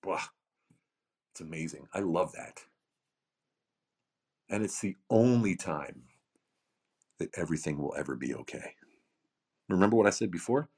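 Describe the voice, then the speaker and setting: Husky, lively motivational man. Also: low-pitched, a little slow, pauses often. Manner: emphatic, repetitive, rhetorical questions. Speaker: founder of a coaching program, podcast guest. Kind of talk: motivational podcast talk.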